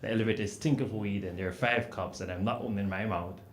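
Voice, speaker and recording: A man's voice: fairly low pitch, fast. Jamaican man telling a story on a panel. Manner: animated storyteller, frequent "you know" fillers. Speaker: panelist author. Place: event hall at a book festival panel. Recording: roomy hall sound with faint noise.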